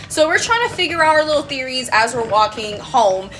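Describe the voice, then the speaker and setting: Bright-voiced chatty woman telling a story. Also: sits high, a little fast, hardly any pauses. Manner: animated, chatty, lots of fillers. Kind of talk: casual storytime while crocheting.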